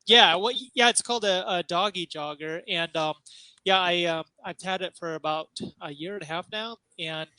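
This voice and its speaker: A man's voice: sits high, moderate pace, sharp tone, clear, resonant tone, no room sound. A man hosting a casual video-call chat. He talks in a loose, laughing way and acts out what a dog is thinking. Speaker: host.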